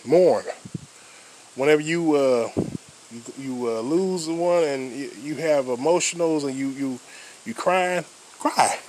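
A man's voice: on the high side, slow pace, a little mellow, slight background noise. A man hosting an advice podcast, talking earnestly and repeating himself with many fillers and restarts, recorded outdoors in the rain. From United States. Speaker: podcast host. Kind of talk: casual spoken advice podcast.

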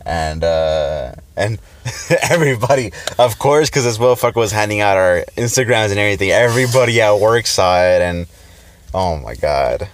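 A man's voice: fairly low pitch, lively intonation, normal speed, slight background noise. A young man in his twenties co-hosting a podcast, telling a story in casual chat, swearing freely and laughing often. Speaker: podcast co-host.

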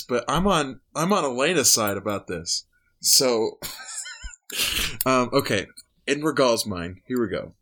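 A man's voice: mid-range voice, sharp tone. Casual, profane player, jokey man, stumbling through his plans. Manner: joking, swearing, stumbling over words. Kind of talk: casual tabletop role-play.

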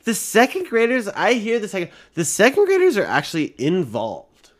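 A man's voice: high-pitched, huge pitch swings, normal speed. A young man co-hosting a casual podcast, rambling with lots of fillers and casual swearing. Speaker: co-host.

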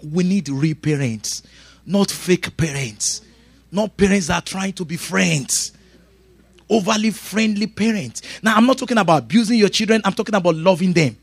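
A middle-aged man preaching a sermon in an animated way, laughing and shouting his punchlines. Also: sits high, moderate pace, creaky, husky, dry recording. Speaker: pastor.

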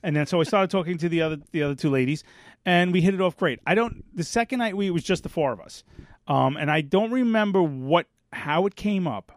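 Guy cohosting a podcast, rambles and loses the thread, kinda high voice, dry close sound. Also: animated, a little fast, dry recording. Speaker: podcast co-host. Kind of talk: casual chat.

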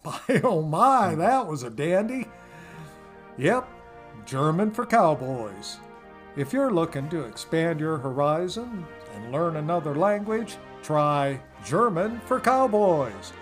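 Folksy cowboy pitchman over guitar. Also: sing-song, takes it slowly. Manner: folksy cowboy slang, hard-sell delivery. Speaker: announcer and radio host. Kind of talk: comic mock infomercial pitch.

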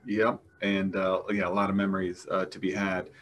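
A man's voice: sits low, monotone, moderate pace, a bit bright. A man hosting a casual interview, asking long, hesitant questions with many fillers. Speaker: interviewer, host.

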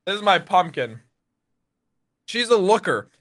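A man's voice: high-pitched, sing-song, measured pace, a bit bright. A young man chatting casually on a stream, rambling goofily and addressing his chat. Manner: talks straight to chat, rambling and goofy.

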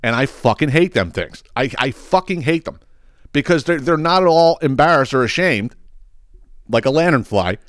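A man's voice: medium pitch, moderate pace, dry recording. Podcast guy ranting through a story, swears a lot, trips over his words, dry close sound. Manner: profane, heated, animated retelling with frequent restarts. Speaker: podcast host. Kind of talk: casual storytelling monologue.

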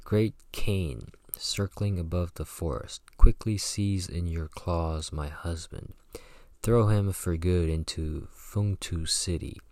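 A man's voice: low-pitched, slow, a little mellow, no echo. A man reading as a defiant widow shaman. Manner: declaiming, incantatory. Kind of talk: reading a folktale aloud.

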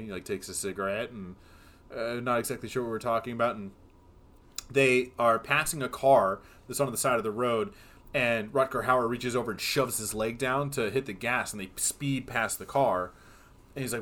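A man's voice: medium pitch, moderate pace, fairly bright tone. A man co-hosting a film podcast, casually retelling movie scenes in a rambling way, full of fillers. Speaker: podcast co-host.

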